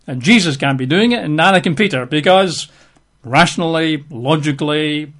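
A man's voice: fairly high pitch, normal speed, fairly bright tone. Wry, chatty male preacher. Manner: conversational, wry asides and chuckles while reading scripture. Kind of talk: sermon.

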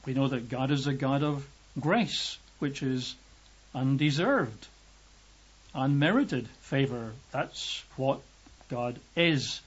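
A man from Britain preaching a lively, emphatic sermon, raising his voice to act out quotes. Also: husky. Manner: lively emphatic, acts out quotes with raised pitch. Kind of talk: sermon teaching. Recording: dull lo-fi recording.

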